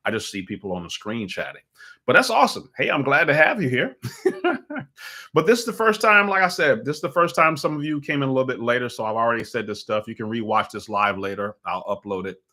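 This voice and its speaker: A man hosting a live call-in stream with casual political commentary. He speaks in an animated, opinionated, rambling way into a desk microphone, with restarts and chuckles. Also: lowish voice, quick pace.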